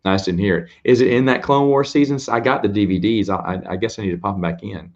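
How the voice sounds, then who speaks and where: On lo-fi audio, a fast-talking man with a fairly low voice runs a relaxed late-night stream. Fielding questions from viewers, he rambles, pokes fun at himself, and laughs a lot.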